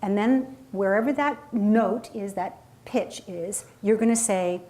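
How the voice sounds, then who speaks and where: A woman coaching a live group on voice, speaking energetically and dropping into sudden high and low demonstration voices. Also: moderate pace, darkish tone, a little hiss or hum. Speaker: voice and presentation coach. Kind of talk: workshop talk to a live audience.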